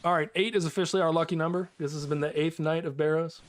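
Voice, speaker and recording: An American man streaming a game live, excitable and chatty, repeating himself and laughing often. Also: a little high, quick pace.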